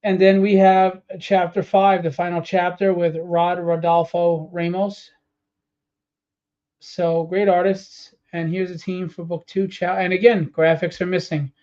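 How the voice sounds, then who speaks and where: A weary man with a high voice talks through his comic book campaign live, full of ums and uhs. He sounds fed up and annoyed as he goes. The stream audio is muffled and lo-fi. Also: flat delivery, unhurried, darkish tone. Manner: rambling, audibly frustrated and annoyed, with many fillers. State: tired. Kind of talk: casual live-stream walkthrough.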